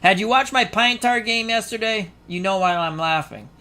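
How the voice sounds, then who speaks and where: A high-pitched man speaks at a normal speed with few pauses while calling a tabletop baseball dice game. He chats excitedly with viewers between rolls, throwing in rhymes and asides.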